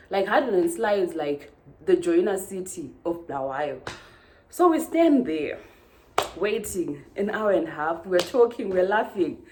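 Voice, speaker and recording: A woman from Zimbabwe, telling a storytime vlog in an animated way and acting out the dialogue. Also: medium pitch, unhurried. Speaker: vlogger.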